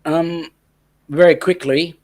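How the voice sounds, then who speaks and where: A man's voice: a little high, fairly even intonation, slow pace, darkish tone. A man co-hosting a casual live stream chat, teasing his guests and reading out viewer comments.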